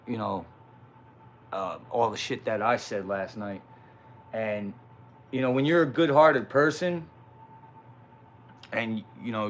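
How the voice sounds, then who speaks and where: A man's voice: mid-range voice, a bit bright. A young man talking casually on a livestream, rambling and swearing with self-mocking laughs. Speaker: live streamer.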